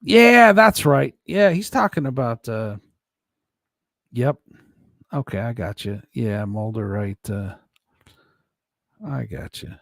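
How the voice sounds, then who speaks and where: A man's voice: medium pitch, slow, gravelly, long pauses, no echo, studio quality. A man hosting a casual livestream, rambling and joking as he reads viewer comments. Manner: rambling, joking, laughs often. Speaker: livestream host reading chat. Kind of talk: casual chat.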